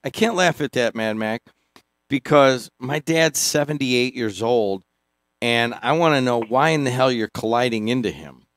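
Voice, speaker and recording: A middle-aged man hosting a radio sports talk show, teasing and joking in quick bursts with frequent restarts. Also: mid-range voice, a bit bright, dry recording, studio quality. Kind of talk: casual radio banter. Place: radio studio. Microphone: studio microphone.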